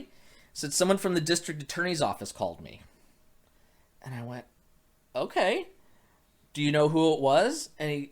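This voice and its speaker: A man working as a private investigator, telling a long story in casual chat and acting out the dialogue, with many restarts. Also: mid-range voice. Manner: animated, acts out quoted dialogue with many restarts.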